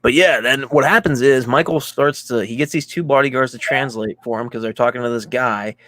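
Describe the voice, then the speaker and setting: A man's voice: mid-range voice, brisk, fairly bright tone, dry recording. Rambling young man recapping a movie. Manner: rambling, heavy use of "like", acts out quotes. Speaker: podcast co-host. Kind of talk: casual movie recap chat.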